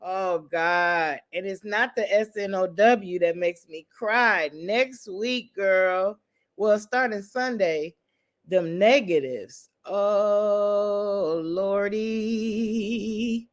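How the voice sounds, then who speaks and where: A host on a casual livestream who greets viewers by name and jokes around in relaxed, playful slang. The voice sits in an ordinary middle register. The delivery wanders easily from teasing to storytelling. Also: mid-range voice, extremely slow. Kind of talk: casual live chat with viewers.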